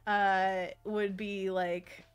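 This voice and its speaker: A woman's voice: mid-range voice, little pitch movement, extremely slow, clear, resonant tone. A young woman with a Pacific Northwest American accent, hosting a casual art livestream, bubbly and giggly as she chats with viewers while painting. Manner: bubbly, giggly, reads chat aloud. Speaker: livestream host and digital artist.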